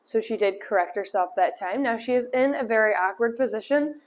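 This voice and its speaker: A woman dog trainer calmly explaining a lesson, with firm short commands to a puppy. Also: fairly high pitch, fairly quick. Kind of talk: instructional demonstration.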